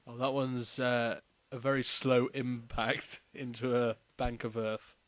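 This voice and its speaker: A man's voice: medium pitch, little pitch movement, unhurried. Man thinking aloud through quiz answers. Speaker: quiz contestant. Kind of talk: casual chat answering quiz.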